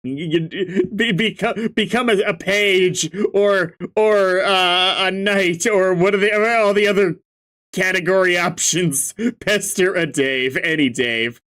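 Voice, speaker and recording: Man, fairly high voice, slow unhurried delivery, reading a comic aloud, stammering reactions. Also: a bit bright. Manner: stammers and laughs often, reacts with sudden outbursts. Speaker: webcomic reader and reactor.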